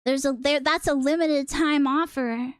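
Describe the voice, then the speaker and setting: Woman, high voice, dry close sound, teasing rambling live-stream chat. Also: fairly even intonation, unhurried, dry recording. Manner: playful, teasing, rambling with many fillers. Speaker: VTuber streamer.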